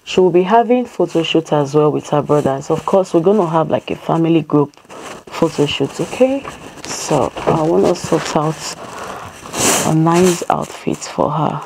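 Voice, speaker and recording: A mother vlogs at home indoors, chatting casually to her viewers and calling them "you guys" and "my loves." Her low-pitched voice is creaky and unhurried, with a noisy background behind her.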